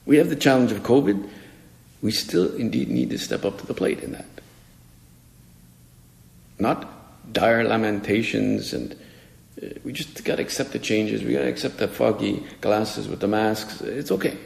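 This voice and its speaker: Low, gravelly-voiced priest in an echoey hall. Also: male voice, moderate pace, long pauses. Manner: conversational, musing, with frequent restarts. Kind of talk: spoken meditation homily. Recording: echoey hall reverb, faint music.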